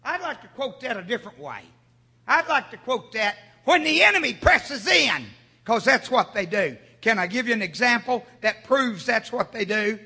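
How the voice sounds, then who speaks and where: High-voiced preacher shouting in a reverberant church. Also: male voice, expressive, normal speed, husky. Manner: call-and-response preaching, rising to shouts. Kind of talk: sermon. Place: church sanctuary.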